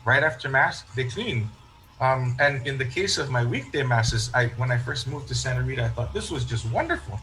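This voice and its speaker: Man telling a parish story, medium pitch. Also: lively intonation, moderate pace, sharp tone, poor audio. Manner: storytelling, acts out quoted remarks, frequent restarts. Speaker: parish priest. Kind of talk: casual interview chat.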